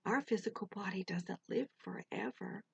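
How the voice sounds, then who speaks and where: An older woman teaching a Bible verse to children, slow and deliberate, pausing so they can repeat after her. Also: mid-range voice, creaky, husky, muffled recording. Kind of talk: slow, gentle children's lesson.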